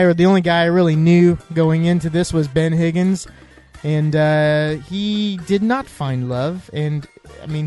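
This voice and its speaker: Man, somewhat high voice, casual rambling chat, jokey, faint music underneath. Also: darkish tone. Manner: rambling, joking, many fillers and restarts. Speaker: podcast host.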